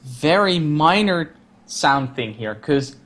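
A man's voice: on the high side, takes it slowly. A man co-hosting a casual show, chiming in with short agreements and comments on a TV episode. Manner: relaxed, chiming in with brief agreement. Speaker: podcast co-host. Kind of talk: casual chat recapping a TV episode.

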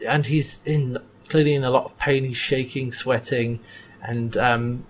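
Male co-host, mid-pitched, relaxed recap chatter with playful character bits. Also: a little slow, a little hiss or hum. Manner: retells scenes, acting out characters' lines with laughs. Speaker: podcast co-host. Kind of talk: casual episode recap chat.

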